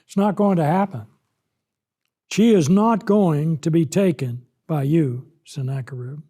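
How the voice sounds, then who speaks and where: Preacher guy teaching scripture, high mellow voice, slow and emphatic. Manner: slow, emphatic, rises loud when voicing God. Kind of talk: sermon, Bible lesson.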